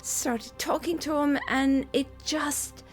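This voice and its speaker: A woman's voice: sits high, steady tone, takes it slowly, soft background music. A woman player role-playing her character in a tabletop game, apologetic, rambling and hesitant.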